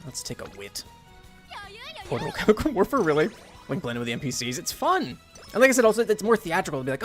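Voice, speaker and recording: Chatty male streamer, very expressive pitch, giggly, faint chiptune bed. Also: a little fast, soft background music. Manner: chatty, animated, giggly, swears casually. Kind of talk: casual gameplay commentary.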